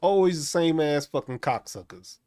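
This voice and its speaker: A man rants angrily into the mic, swearing constantly and mocking the people he talks about. His voice sits a little high and swings widely up and down. The sound is dry and close, with no room echo. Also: animated, moderate pace, a little mellow. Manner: angry, profane, mocking. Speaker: host. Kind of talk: profane ranting commentary.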